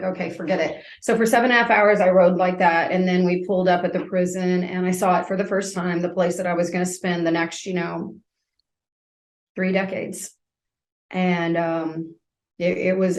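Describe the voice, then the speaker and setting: A woman's voice: lowish voice, roomy sound. A woman in her fifties telling her story as a podcast guest, vividly acting out scenes as she goes.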